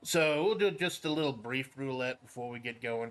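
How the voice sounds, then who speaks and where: Male stream host, middle pitch, stammers and swears, patient rule explainer. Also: moderate pace, a bit bright. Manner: stammering repeats, profane, jokey; explains game rules step by step. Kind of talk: casual game stream chat.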